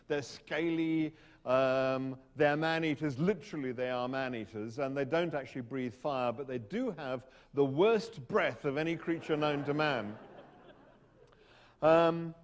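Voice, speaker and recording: A man's voice: a little high, big-room sound. Wry, hesitant man telling a story on stage. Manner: hesitant, self-interrupting, wry. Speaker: speaker giving a talk. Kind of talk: humorous storytelling talk to an audience.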